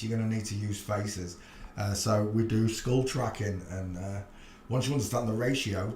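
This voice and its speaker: A man's voice: on the low side, a little mellow. A man hosting a casual livestream, rambling and thinking aloud with crude jokes. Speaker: livestream host. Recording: echoey room, faint background noise.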